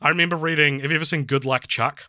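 A young man co-hosting a casual film review podcast, chatty and laughing often, with halting restarts. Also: fairly high pitch, fairly even intonation, bright, forceful tone, dry recording, studio quality. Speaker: podcast co-host.

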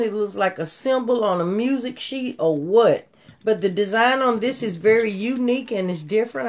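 A woman hosting a live online jewelry sale and Bible quiz, talking in a chatty, folksy way to her viewers. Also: medium pitch. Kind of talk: casual live-stream selling with Bible trivia.

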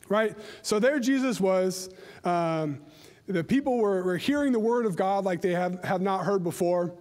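Man, middle-aged, high-pitched, conversational sermon, stumbling restarts, long church reverb. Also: lively intonation, moderate pace. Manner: chatty, storytelling, repeats words as he restarts. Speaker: preacher. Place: church sanctuary.

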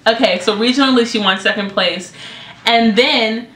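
A young woman vlogger chatting casually, often quick and halting as she restarts her sentences. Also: fairly high pitch, a bit bright. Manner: quick, halting, self-conscious talk. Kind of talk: casual chat. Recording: echoey room with faint music.

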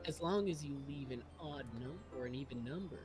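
A woman's voice: deep voice, fast, warm tone, soft background music. A woman chatting casually on a game stream, blunt and cracking crude jokes. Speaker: co-player on a stream. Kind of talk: casual chat while playing a game.

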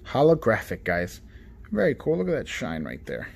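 A man hosting a card-opening video, listing cards quietly and getting excited over good pulls. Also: normal speed, vocal fry, breathy edge. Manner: excitable, repeats "guys" and "oh my god"; lists cards in a low, subdued voice. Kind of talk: casual unboxing commentary.

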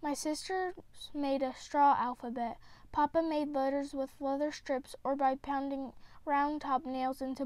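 A woman reading a children's picture book aloud, with gentle, expressive storytelling. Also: high-pitched, dry recording. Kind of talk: read-aloud storybook narration.

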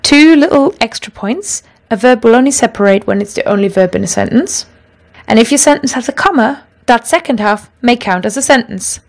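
Clear-voiced woman teaching grammar. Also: a little high, expressive, fairly quick. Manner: clear, patient explanations with spoken examples. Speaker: language teacher. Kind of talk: explaining German grammar lesson.

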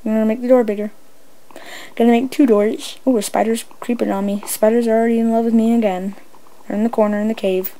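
A woman giving casual, excitable commentary while she plays, chatting away and coaxing her pet in the game. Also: on the high side, fast talker, poor audio. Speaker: let's play host.

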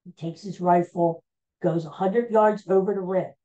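A woman hosting a podcast, recapping old TV episodes in a casual, meandering, animated storytelling way. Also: fairly low pitch, moderate pace, highs cut off. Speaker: podcast host.

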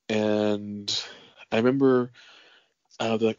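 Low-voiced man telling a swearing story. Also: moderate pace, long pauses, no room sound. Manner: animated storyteller, swears freely, acts out quotes. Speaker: podcast host. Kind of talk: casual interview chat. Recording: dull lo-fi dry sound.

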